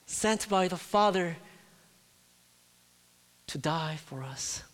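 A male pastor preaches at a slow, measured pace, and his voice sits somewhat high for a man. He draws out his words, then swells into pleading cries. The sound rings with the long reverb of a church hall. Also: a bit bright. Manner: slow and deliberate, rising to impassioned pleading cries. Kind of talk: sermon.

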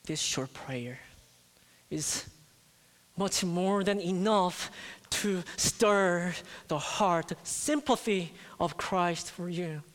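A male pastor preaches at a slow, measured pace, and his voice sits somewhat high for a man. He draws out his words, then swells into pleading cries. The sound rings with the long reverb of a church hall. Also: a bit bright. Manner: slow and deliberate, rising to impassioned pleading cries. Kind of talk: sermon.

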